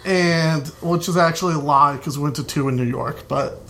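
A man telling a comic story to a live audience, lively and loose, swearing freely. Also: on the high side, moderate pace, background noise.

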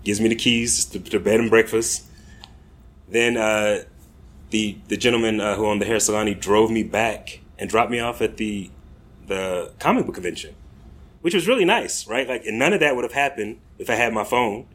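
A man's voice: lowish voice, normal speed, fairly bright tone. A young American man hosting a podcast, telling a story in a laid-back way with many fillers and laughs. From United States. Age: young adult. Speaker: podcast host. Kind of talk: casual storytelling.

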